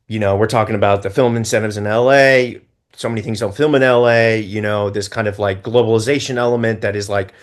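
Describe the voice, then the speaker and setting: A man hosting an interview podcast, asking long rambling questions full of "you know" and "like". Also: on the low side. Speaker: podcast host. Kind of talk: casual interview chat.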